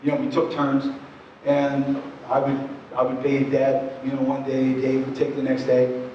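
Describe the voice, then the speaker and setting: A man's voice: medium pitch, completely flat delivery, a little slow, slight background noise. A man giving a presentation, telling stories in an earnest, conversational way, full of asides. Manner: earnest, many asides and "you know"s. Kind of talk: conversational storytelling talk. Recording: echoey hall, distant dull mic.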